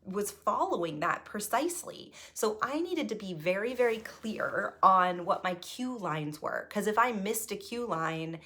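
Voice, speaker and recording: A woman who improvises and performs solo shows, telling a personal story in a chatty, animated way and often tagging thoughts with "right?". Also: mid-range voice, unhurried, hardly any pauses. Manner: chatty, keeps asking "right?" between thoughts; animated, voice jumps when reliving nerves.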